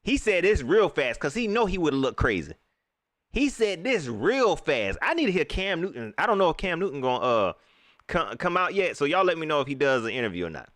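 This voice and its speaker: A young man is hosting a live postgame stream in a dry, close setting, with almost no echo. his voice sits high for a man and swings all over the place. he rants in heated, slangy bursts, keeps repeating himself, and mocks the quotes he is reacting to. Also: sing-song, a little fast, a bit bright. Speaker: livestream host. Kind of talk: animated postgame reaction talk.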